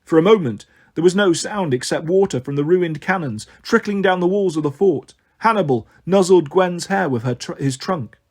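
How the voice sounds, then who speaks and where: A man narrating an adventure novel in a measured, expressive reading voice. His voice sits a little high for a man. He paces the action steadily. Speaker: audiobook narrator. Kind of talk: storytelling narration.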